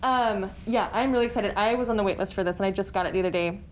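A woman's voice: medium pitch, very fast, slight background noise, rough recording. A woman co-hosting a casual book chat, chatty and giggly, with lots of fillers. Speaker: podcast co-host.

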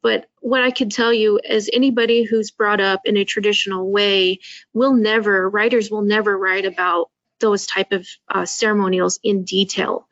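A woman's voice: mid-range voice, a bit bright, no room sound. Earnest woman panelist, dull dry audio. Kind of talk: panel discussion.

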